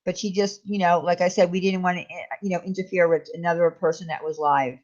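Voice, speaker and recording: A woman with a lowish, darkish voice talks fast with fairly even intonation while hosting a casual stream. Chatty and reassuring, she reads comments aloud and speaks to viewers by name. The stream audio is lo-fi and a bit dull.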